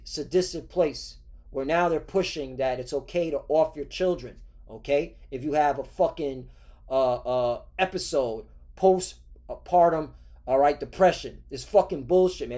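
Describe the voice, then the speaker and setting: A man's voice: a little high, normal speed, warm tone. A man hosting a religious news commentary, ranting and swearing, constantly checking in with "all right?". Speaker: host.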